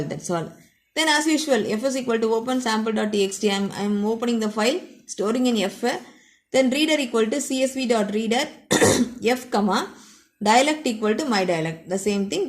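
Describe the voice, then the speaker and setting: A woman teaches a computer science lesson in a somewhat high voice. She walks through the material step by step, restating each point and closing sections with a short wrap-up phrase. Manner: explains step by step, repeats phrases, often ends with "that's all". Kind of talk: recorded classroom lesson.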